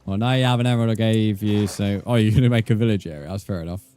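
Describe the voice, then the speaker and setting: A man's voice: fairly low pitch, racing, dark tone, clear, resonant tone, soft background music. A man, chatting casually with viewers while he plays a game on a livestream and calling them mate. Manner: laid-back, chatty, calls viewers mate. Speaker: game streamer.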